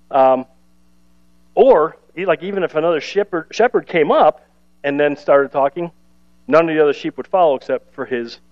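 A man's voice: on the high side, highs cut off. A man pastor giving a sermon in a conversational, self-deprecating way, with playful asides. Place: church service.

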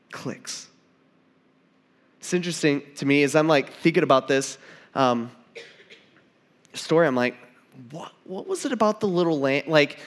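A man's voice: high-pitched, a bit bright. A man preaching a sermon in a casual, conversational way, retelling a story and acting out its dialogue. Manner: conversational, acts out dialogue, many restarts.

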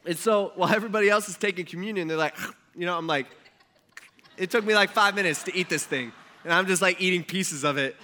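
Male pastor, fairly high bright voice, chatty anecdotal sermon delivery. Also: fast talker. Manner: storytelling, conversational and animated.

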